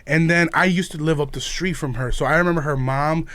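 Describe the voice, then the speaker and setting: A man with a high voice, guesting on a podcast and telling a schoolyard story. He swears freely and keeps breaking into laughter as he tells it. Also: brisk, fairly bright tone, dry recording. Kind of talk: casual chat.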